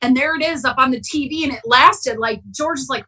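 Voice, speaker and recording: Breathy woman sharing her recovery story. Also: on the high side, moderate pace, sharp tone, recorded from a distance, rough recording. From Wisconsin. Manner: emotional, candid, choking up at times. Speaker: AA speaker. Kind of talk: personal recovery share. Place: online conference, at home.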